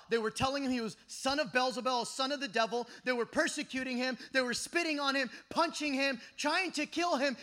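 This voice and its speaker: High, bright-voiced impassioned young male preacher. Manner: impassioned, often shouting, swings between loud and hushed. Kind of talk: youth camp sermon.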